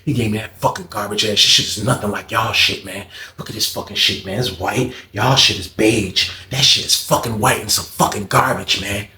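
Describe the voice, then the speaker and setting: A man voicing a strung-out adult man who swears a lot and keeps saying "man", low and muttered. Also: steady tone, normal speed, few pauses, pushed and bright. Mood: grumbling. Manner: profane, grumbling, says "man" constantly. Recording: echoey room, faint ambience.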